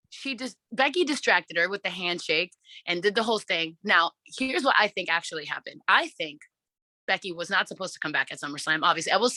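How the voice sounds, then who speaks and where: A woman hosting a casual wrestling podcast, excitable and swearing often, acting out her own reactions as she tells a story. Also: lowish voice, no echo. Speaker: podcast host.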